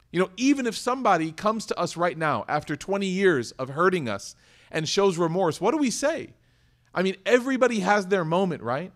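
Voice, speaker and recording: A man giving a lively Islamic lecture to a live audience, asking questions and acting out quoted voices. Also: high-pitched.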